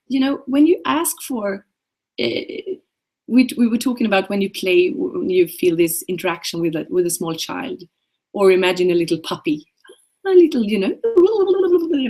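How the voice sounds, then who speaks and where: A middle-aged woman with a Swedish accent, hosting a casual coaching talk in a gentle, playful way full of questions. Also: mid-range voice. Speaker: coach hosting a live session.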